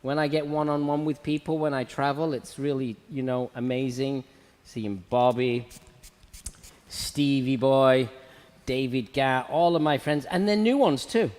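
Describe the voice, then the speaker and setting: A man's voice: mid-range voice, measured pace, darkish tone, in a large hall. A man hosting a live show, chatting casually and talking through a razor haircut as he works. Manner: chatty, laughs often, talks through a razor cut. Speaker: host and hair educator. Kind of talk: casual live-stream chat and haircut demo.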